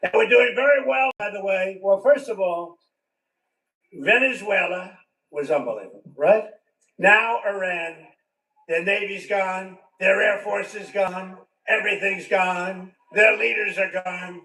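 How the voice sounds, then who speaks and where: A man's voice: high-pitched, measured pace, pushed and bright. An older man, a politician, giving a rambling, repetitive rally speech full of conversational asides. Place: large venue with a crowd. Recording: roomy sound, distant from the mic.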